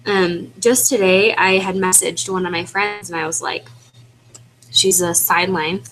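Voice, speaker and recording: A woman's voice: on the low side, fairly even intonation, measured pace, a bit bright, a little hiss or hum, low-quality recording. Earnest woman pleading in a pep talk. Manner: earnest, pleading, repetitive exhortation; casual fillers like "like" and "um". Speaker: team leader for independent distributors. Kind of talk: motivational webinar talk.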